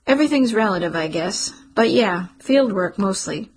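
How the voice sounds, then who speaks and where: A woman reading the part of an earnest man who works as a wildlife biologist, her voice husky and breathy, close to her own. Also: mid-range voice, animated, normal speed, low-quality recording.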